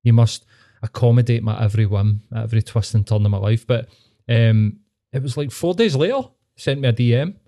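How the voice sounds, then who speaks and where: A man's voice: medium pitch, brisk, mellow. A man on a podcast with sweary, giggly banter. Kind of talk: casual podcast chat.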